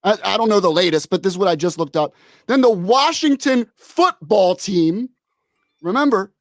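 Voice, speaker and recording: A man's voice: high-pitched, lively intonation, moderate pace, no room sound. A man from Philadelphia, a guest on a casual sports chat, brash and joking, calling everyone bro. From Philadelphia, USA. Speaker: podcast guest.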